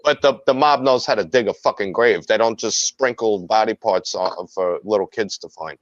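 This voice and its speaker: A man's voice: on the low side, normal speed, no echo. Man, New York accent, profane storyteller, video call, dull lo-fi sound. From Long Island, New York. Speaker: host. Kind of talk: casual video-call chat.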